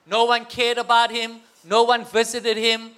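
A man's voice: very high-pitched, completely flat delivery, a little slow, fairly bright tone, smooth. A man with a South African accent telling a humorous personal story to an audience, getting the crowd to call back. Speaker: guest speaker.

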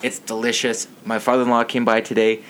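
A man's voice: medium pitch, level tone, a little fast, fairly bright tone, a little hiss or hum. A man ranting about sports to his channel's viewers, outraged, profane and a little tipsy.

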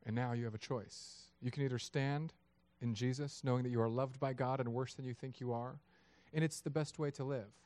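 Man, thirties, pastor, sermon, mid pitch, animated, dry close sound. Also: fairly quick, hardly any pauses, no room sound. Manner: animated, acts out voices of God and people.

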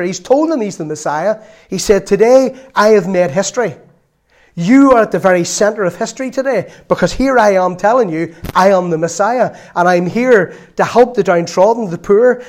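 A middle-aged man with a Northern Irish accent preaching a sermon, telling a lively story from his own family and acting out the voices in it. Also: high-pitched. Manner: lively storytelling, acts out voices, laughs often.

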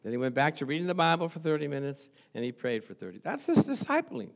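A man's voice: a little high, wildly swooping pitch, fast talker, vocal fry. A middle-aged man preaching a sermon as pastor, conversational and chuckling often, with frequent "praise the Lord".

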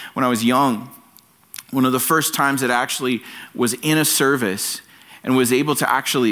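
A man's voice: on the high side, bright, forceful tone. A man preaching a sermon as pastor at a church service, earnest and emphatic, repeating his key phrases.

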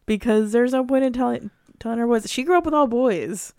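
A woman's voice: fairly high pitch, a little mellow, smooth, dry recording, studio quality. A young woman talking openly and emotionally with her boyfriend in a casual conversation. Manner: emotional, earnest, quick bursts of emphasis. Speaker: girlfriend in couple conversation. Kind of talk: casual couple chat.

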